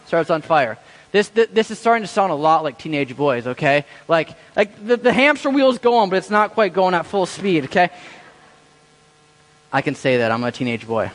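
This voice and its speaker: Man, high voice, pastor, storytelling sermon, repeats himself, long church reverb. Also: lively intonation, normal speed. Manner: storytelling with quoted inner voices, repeats words.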